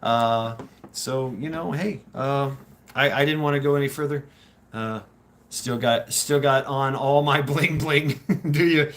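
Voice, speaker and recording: A man's voice: fairly high pitch, measured pace, pushed and bright. A man hosting a casual live stream, chatting with viewers in a rambling, profane way, laughing often and restarting his sentences. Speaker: streamer host.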